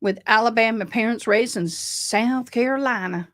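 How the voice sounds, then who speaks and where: A middle-aged woman with a Southern accent hosts a casual livestream. She talks in an unhurried, drawn-out way and reads viewer comments aloud between stretches of chat. Her pitch sits in the middle of the usual range for a woman. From Tennessee, US. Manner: slow, chatty, reading out viewer comments. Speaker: livestream host.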